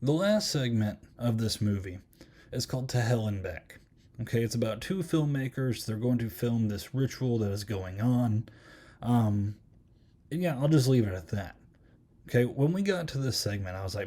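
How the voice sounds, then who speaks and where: Podcast guy reviewing a movie, lots of um and like, mellow darkish voice. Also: mid-range voice, animated, moderate pace. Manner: rambling, many ums and likes. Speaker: podcast host. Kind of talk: casual film review chat.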